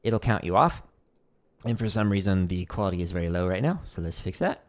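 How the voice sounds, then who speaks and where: A man's voice: sits low, lively intonation, a little fast. A man hosting a casual livestream drum lesson, explaining technique as he demonstrates, with frequent "like" fillers.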